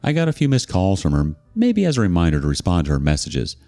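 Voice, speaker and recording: A man narrating a reader's story as scripted narration, expressive and sarcastic in his asides. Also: low-pitched, fast, soft background music.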